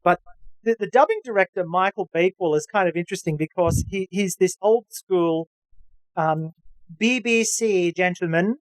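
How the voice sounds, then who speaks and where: A man's voice: high-pitched, moderate pace, no echo, poor audio. A man hosting a podcast, chatting knowledgeably with lots of fillers and restarts. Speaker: podcast host. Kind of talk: casual chat.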